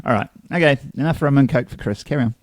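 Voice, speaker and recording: A man, co-hosting a podcast in casual chat and telling lively stories. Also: mid-range voice, fast. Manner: animated storyteller, acts out quotes. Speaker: podcast co-host.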